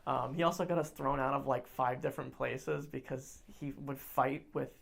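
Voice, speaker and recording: A young woman co-hosting a podcast, telling a story in casual chat, animated and acting out other people's lines, with many fillers and restarts. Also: very deep voice, moderate pace, creaky. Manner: animated, acts out quoted voices loudly. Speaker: podcast co-host.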